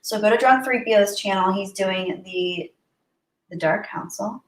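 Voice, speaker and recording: A woman's voice: mid-range voice, unhurried, recorded from a distance. A woman hosting a live stream, chatting casually and thanking her viewers. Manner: chatty, warm thanks to viewers, laughs often. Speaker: livestream host. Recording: roomy sound, voice a bit off-mic.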